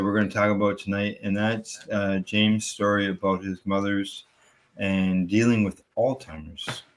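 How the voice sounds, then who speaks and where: A man hosting a talk radio show, introducing guests loosely with frequent fillers. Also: lowish voice.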